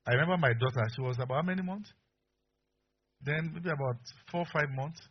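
A male pastor preaching with a husky, slightly high voice. He tells stories with lively animation and often breaks into laughter. The recording sounds dull and lo-fi. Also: a little fast. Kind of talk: sermon.

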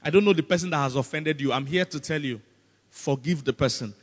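A pastor with a Nigerian accent preaches a sermon in an animated way, often slipping into comic voices. His voice is on the high side, brisk and husky, with a big-room sound.

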